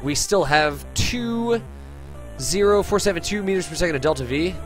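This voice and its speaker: Upbeat male streamer, higher voice, friendly gameplay talk over faint music. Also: expressive, moderate pace. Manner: upbeat and chatty, thanks viewers, calls people dude. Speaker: game streamer. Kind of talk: live gameplay commentary, reading chat.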